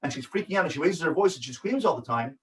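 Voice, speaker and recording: Slightly high-voiced rabbi in an echoey room. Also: male voice, lively intonation, fast, fairly bright tone, distant mic. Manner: emphatic, repetitive, checks in with listeners. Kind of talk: parenting lecture.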